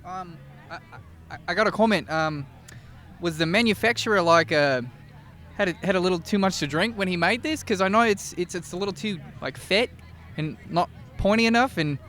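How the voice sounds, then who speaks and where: A man's voice: high-pitched, normal speed, fairly bright tone. Bumbling, hesitant man. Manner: hesitant, bumbling, lots of fillers. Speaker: clueless trainee in a comedy bit.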